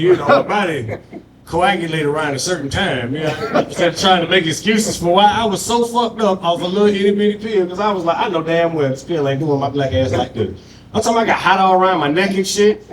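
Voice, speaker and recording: A man's voice: a little high, a little fast, a little hiss or hum. A man doing a loose, profane stand-up comedy set on a club stage, working the crowd. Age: adult with a grown daughter.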